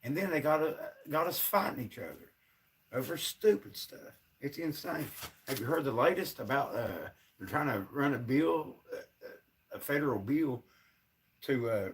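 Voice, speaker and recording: A man's voice: medium pitch, far from the mic. A man, ranting to his viewers on a casual livestream, sounding frustrated and fed up. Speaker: livestream host.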